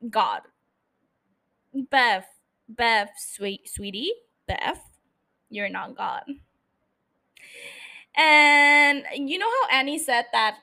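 A woman's voice: fairly high pitch, pushed and bright. A woman hosting a casual solo podcast recap, emotional and angry, swearing heavily as she rants. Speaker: podcast host.

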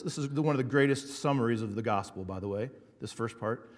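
A man preaching a sermon as a pastor, earnest and building emphasis with slow repeated words. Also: medium pitch, fairly even intonation. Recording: hall reverb.

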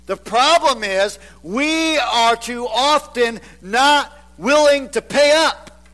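A man preaching a sermon as a pastor, dropping to hushed, near-whispered lines for emphasis and acting out the voices of reluctant listeners. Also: extremely high pitch, takes it slowly. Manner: acts out the voices of reluctant churchgoers.

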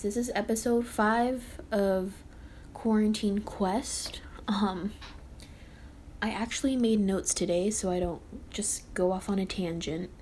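A young woman ranting casually as a podcast host, rambling and animated, often sighing and cutting herself off. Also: medium pitch, a little hiss or hum. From Texas. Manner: rambling and animated, with sighs and self-interruptions. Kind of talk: casual rant.

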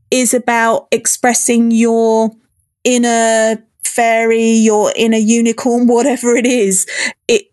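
A woman's voice: a little high, dry recording, clean studio sound. A woman talking in a casual interview, bubbly and enthusiastic, often breaking into giggles. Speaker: podcast guest, festival organizer.

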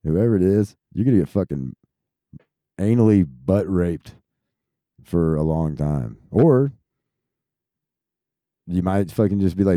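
Thirtyish guy from texas going off on a cussing rant, low mellow voice, dry close sound. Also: animated, measured pace, pauses often, dry recording. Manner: profane rambling rant. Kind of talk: casual rant.

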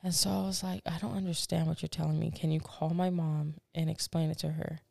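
A woman co-hosting a podcast in casual chat, telling stories in an animated, blunt way, swearing and laughing at herself. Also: low-pitched, fairly quick, gravelly, no room sound. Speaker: podcast co-host.

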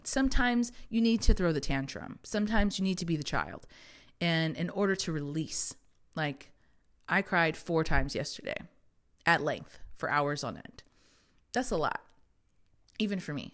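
Woman podcasting alone, low voice, chatty and candid, laughs a lot, does little voices. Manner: candid, conversational, laughs often, acts out inner voices. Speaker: podcast host. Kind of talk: reflective spiritual monologue.

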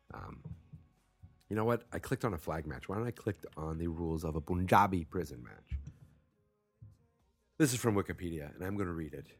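Very deep husky Massachusetts man. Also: darkish tone, no echo. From Massachusetts, USA. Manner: rambling, profane, self-mocking. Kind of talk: casual chat.

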